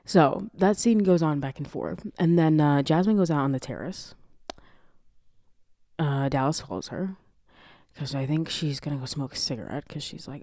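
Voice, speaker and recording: Low-voiced woman hosting a podcast. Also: measured pace, no echo, studio quality. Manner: profane, animated, laughs often. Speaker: podcast host. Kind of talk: casual movie review chat.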